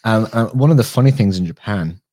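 A man's voice: fairly low pitch, lively intonation, fairly quick, warm tone, no room sound, studio quality. An Irish man hosting a podcast, chatting casually and telling rambling anecdotes. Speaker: podcast host. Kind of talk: casual conversational chat.

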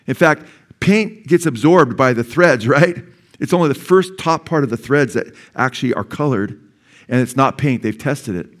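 A man preaching a sermon as pastor, conversational and excitable, with casual asides to the congregation. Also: mid-range voice.

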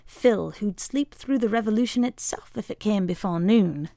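A woman reading a short story aloud in a wry, measured way. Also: mid-range voice, creaky, mellow, dry recording, studio quality. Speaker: reader.

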